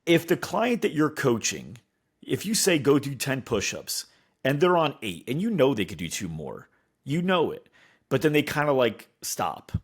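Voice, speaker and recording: A man co-hosting a casual podcast chat, animated, acting out other people's lines in changing voices. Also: medium pitch, moderate pace, breathy edge. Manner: animated, acts out quotes in voices. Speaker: podcast co-host.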